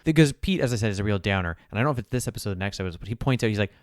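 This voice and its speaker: Co-host, male, lowish voice, dry sound, relaxed and wry. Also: racing, few pauses, no room sound. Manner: laid-back, wry asides and frequent agreement. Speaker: podcast co-host. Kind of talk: casual chat.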